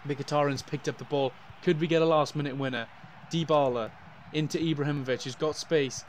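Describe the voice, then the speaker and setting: A man doing let's-play commentary on a football management game, excitable and swinging from loud cheering to gloomy muttering. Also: on the high side, a little fast, a little hiss or hum. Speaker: gaming YouTuber.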